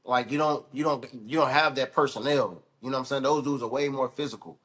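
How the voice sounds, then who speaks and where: Man, fan co-host, heated, swears freely, quick bursts, mid-pitched voice. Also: a bit bright. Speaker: sports podcast co-host. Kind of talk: casual sports debate.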